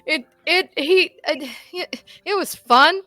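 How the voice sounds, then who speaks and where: A woman playing a tabletop game, expressive and casually swearing. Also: extremely high pitch, slow, no echo. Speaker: player. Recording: faint background music.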